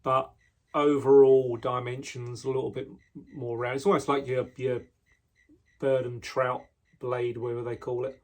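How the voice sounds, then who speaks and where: A man casually showing the knives he makes, talking in a relaxed way with frequent ums and restarts, indoors in his workshop. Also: mid-range voice, unhurried. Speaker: knife maker. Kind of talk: casual product walkthrough.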